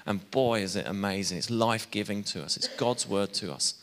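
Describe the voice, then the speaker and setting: A man's voice: on the low side, brisk, a bit bright. A man preaching a sermon in a chatty way, with asides and self-deprecating laughs. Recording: hall reverb.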